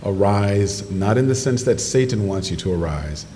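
Male preacher in an echoing church hall. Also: normal speed. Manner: animated storytelling, rising to high excited pitch in quoted voices. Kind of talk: sermon. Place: church sanctuary. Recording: distant microphone in a reverberant church hall with noise.

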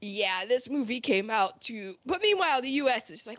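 A woman hosts a casual history podcast and tells the story with animated energy, slipping into silly voices for countries. Her voice sits a little high and swoops around a lot. The recording sounds dull and lo-fi. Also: moderate pace, few pauses, no room sound. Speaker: podcast host.

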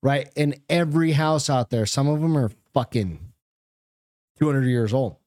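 A man's voice: medium pitch, normal speed, darkish tone, no room sound, clean studio sound. A middle-aged man from New Hampshire co-hosting a comedy podcast, chatting loosely with plenty of swearing and jokes. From New Hampshire, USA. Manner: profane, loose and joking. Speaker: podcast co-host. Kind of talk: casual comedy podcast chat.

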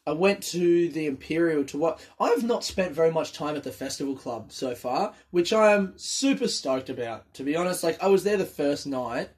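A man's voice: on the high side, normal speed, hardly any pauses, breathy edge. A young man, a comedian, telling rambling, profane stories in a casual monologue. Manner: rambling, profane, animated storytelling.

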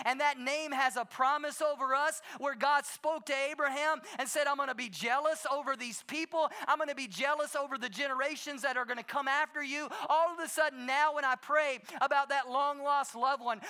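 A man preaching a sermon as pastor, impassioned, swinging between loud declarations and hushed lines in a church. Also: very high voice.

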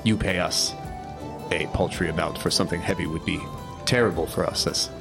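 A man's voice: low voice, fairly quick, gravelly. A man playing a tabletop game, speaking in character with wordy, mock-formal phrasing. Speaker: player. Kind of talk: in-character tabletop role-play. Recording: music playing behind.

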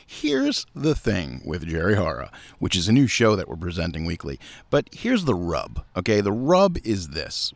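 A man hosting a podcast outdoors in casual chat, animated and riffing, with frequent swearing. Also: fairly low pitch, no echo. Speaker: podcast host.

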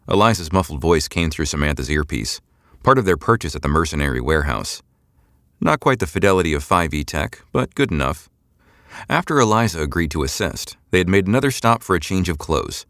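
This is scripted audiobook narration from a man with a deep, expressive voice, who tells the story at a measured pace. Sound is dry and of studio quality.

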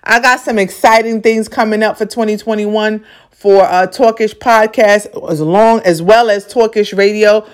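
Speaking in a mid-range, steady voice at a normal speed, a female podcast host gives a motivational monologue. Her delivery is forceful and preacherly, repeating itself and laced with profanity.

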